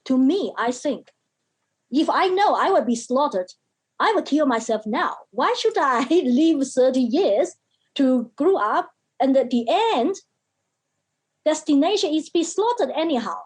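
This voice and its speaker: Woman, slightly high-pitched voice, interview guest, personal storytelling, halting phrasing, filler words, emphatic quoted speech. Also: lively intonation, rough recording. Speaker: podcast guest, mental health educator.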